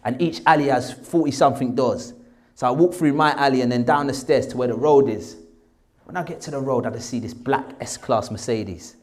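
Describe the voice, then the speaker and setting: A man telling a lively personal story, acting out the voices of the people in it. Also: medium pitch, brisk. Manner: animated, acts out quoted voices. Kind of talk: casual anecdote.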